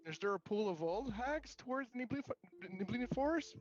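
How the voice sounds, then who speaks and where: High-voiced man, dull lo-fi audio. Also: animated, brisk. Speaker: player. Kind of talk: casual tabletop game chat.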